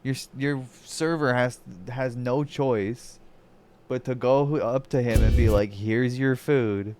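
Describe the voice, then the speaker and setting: A man's voice: medium pitch, fairly even intonation, unhurried, darkish tone, slight background noise. A man streaming and reacting in a casual chat, joking around, playing with words and laughing often. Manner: jokey, laughs often, trails into wordplay.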